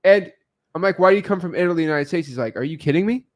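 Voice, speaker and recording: A man co-hosting a casual business show, telling lively stories and answering viewer questions. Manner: animated storyteller, quick shifts in pitch.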